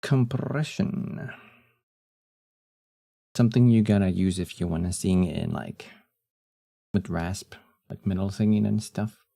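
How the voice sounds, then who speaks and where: Deep, husky young man streaming casually. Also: steady tone, brisk, warm tone. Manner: laid-back, laughs often, trails off with fillers. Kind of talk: casual live-stream chat.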